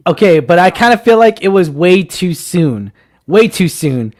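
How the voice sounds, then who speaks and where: Dude chatting about shows, kinda high voice, excitable and joking around. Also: male voice, a little slow. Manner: excitable, jokey, restarts a lot. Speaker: podcast co-host. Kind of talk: casual chat.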